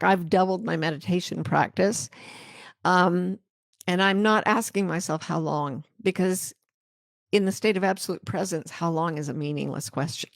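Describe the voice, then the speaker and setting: A middle-aged American woman speaks gently and reflectively, as if reading to an audience. Her voice sits low and has a gravelly fry. The sound is dry and close, with no room echo. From United States. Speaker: host answering viewer comments. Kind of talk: live-stream talk and poetry reading.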